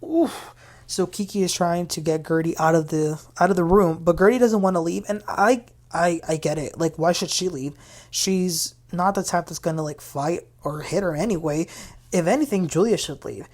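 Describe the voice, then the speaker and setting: A woman's voice: on the low side, normal speed, darkish tone. Chatty woman recapping reality TV. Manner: chatty, opinionated, many fillers. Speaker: TV recap host.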